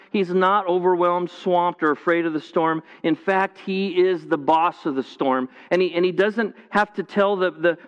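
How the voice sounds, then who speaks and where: A man's voice: on the high side, big-room sound, dull audio. A man delivering a sermon to viewers at home, conversational and earnest, often restarting and repeating phrases. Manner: conversational preaching with frequent restarts and repetition. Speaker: pastor. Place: church, streamed to viewers at home.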